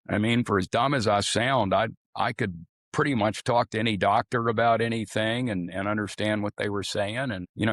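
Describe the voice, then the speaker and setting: A man's voice: lowish voice, a bit bright, no room sound, clean studio sound. An older man, a former swim coach telling rambling, folksy stories as a podcast guest. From Arkansas. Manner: folksy, rambling anecdotes with casual swearing. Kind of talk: storytelling in a podcast interview.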